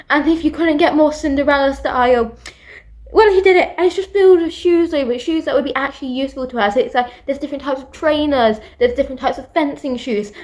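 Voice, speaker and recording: British woman, high voice, casual book recap, animated chatty retelling with asides. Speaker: book vlogger.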